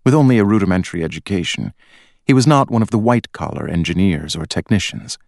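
Male audiobook narrator, low voice, dry close recording, even delivery. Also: gravelly, no echo. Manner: measured, even storytelling. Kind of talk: scripted narration.

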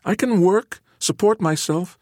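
A man's voice: high-pitched, measured pace, a little mellow, dry recording, studio quality, voice pushed up. A man voicing an awkward teenage boy who mutters sullenly and turns eager when he talks about his hopes. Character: awkward, restless teenage boy longing to leave.

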